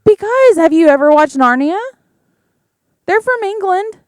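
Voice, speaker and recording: A woman's voice: extremely high pitch, animated, darkish tone, dry recording. A woman co-hosting a podcast in casual chat, bubbly and often cutting herself off mid-word. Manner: bubbly, self-interrupting, quick restarts. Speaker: podcast co-host.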